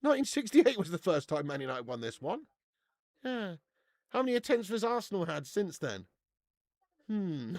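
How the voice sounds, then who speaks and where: A man's voice: high-pitched, big pitch swings, moderate pace, darkish tone, no room sound, clean studio sound. A young man hosting a live watch-along stream, bantering with viewers, swearing and laughing often. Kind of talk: live casual chat to viewers.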